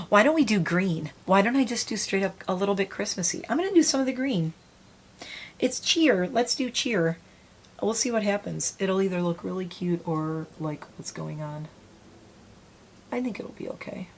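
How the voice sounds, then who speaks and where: A woman's voice: medium pitch, normal speed, a little hiss or hum. A woman in her forties chatting casually as she does her makeup, rambling and self-deprecating. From United States. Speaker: beauty vlogger. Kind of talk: casual get-ready-with-me chat.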